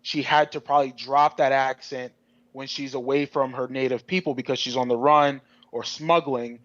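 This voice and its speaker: A man co-hosting a podcast in casual discussion, animated and rambling with many restarts. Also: mid-range voice, normal speed, dry recording, dull audio. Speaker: podcast co-host.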